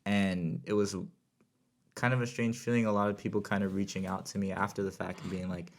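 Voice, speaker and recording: A man in his twenties from Southern California, a podcast guest talking in a relaxed, reflective way, hedging with "like" and "kind of". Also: sits low, fairly quick, vocal fry. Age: 20s. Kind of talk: casual podcast chat.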